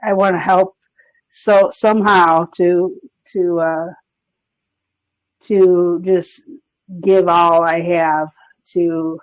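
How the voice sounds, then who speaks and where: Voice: medium pitch, level tone, extremely slow, long pauses, no echo. A caller on a call-in chat, heartfelt and hesitant, restarting often. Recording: dull lo-fi call audio.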